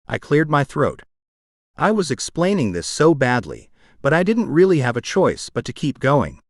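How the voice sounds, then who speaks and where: Lively male audiobook narrator, dry close sound. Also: medium pitch, moderate pace, no room sound. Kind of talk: first-person romance audiobook narration.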